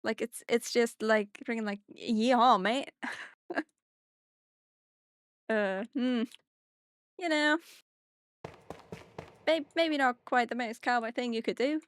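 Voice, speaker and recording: In a dry, studio-quality recording, a young German woman chats casually while streaming a game, rambling and self-deprecating. Her English has a German-speaker's accent with mixed British touches. She speaks at a fairly high pitch with a measured pace, long pauses, and a clear, resonant tone.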